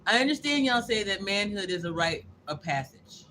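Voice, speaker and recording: A woman's voice: mid-range voice, very animated, moderate pace, a bit bright, a little hiss or hum, low-quality recording. A woman hosting a casual livestream, reading viewer comments aloud and answering them bluntly, with profanity and joking asides. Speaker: livestream host.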